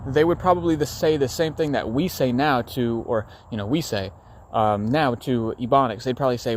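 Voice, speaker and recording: A man's voice: medium pitch, moderate pace. A man from the United States rambling on a solo podcast, swearing freely and filling gaps with fillers. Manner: rambling, profane, full of fillers. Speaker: podcast host.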